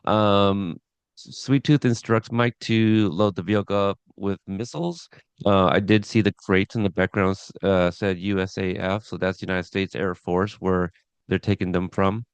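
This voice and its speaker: A man's voice: low-pitched, normal speed, clean tone, dry recording. A man hosting a casual podcast, recapping an episode from his notes in a rambling way with chuckles. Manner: rambling, chuckling, reads scene notes aloud.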